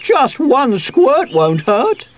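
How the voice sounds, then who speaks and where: A man voicing a squeaky, anxious puppy puppet in a children's storybook reading. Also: wildly swooping pitch, extremely slow, lo-fi sound, full character voice.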